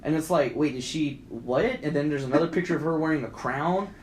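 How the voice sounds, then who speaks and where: Young male co-host, fairly high voice, rambling and profane, echoey room. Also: brisk. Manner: rambling, profane, acts out quoted lines in a higher voice. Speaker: podcast co-host. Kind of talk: casual movie rant. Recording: echoey room with faint background noise.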